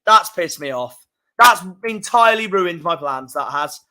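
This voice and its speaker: A young man streaming live, reacting to football fixtures, swearing and fuming with loud outbursts. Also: on the high side, expressive, a little slow. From England. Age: young adult.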